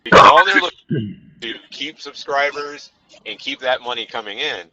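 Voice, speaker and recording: Driving as he talks, a male co-host rambles through a casual movie conversation, filling gaps with "you know." His mid-range voice moves at a moderate pace and sounds pushed and bright, and the recording is dry. Overall it has a dull lo-fi quality with a little background noise.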